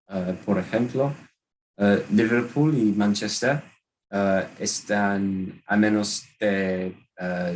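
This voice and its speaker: Deep-voiced British man, hesitant. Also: a little mellow, a little hiss or hum, poor audio. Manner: hesitant, many ums and restarts. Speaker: guest speaker at a language exchange. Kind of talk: casual panel answer, switching to Spanish.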